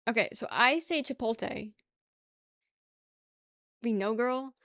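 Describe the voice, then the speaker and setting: A woman's voice: a little high, slow pace, fairly bright tone, dry recording. Chatty young woman streamer, dry sound. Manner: rambling, swears casually, laughs often. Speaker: livestream host. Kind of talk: casual chat with chat viewers.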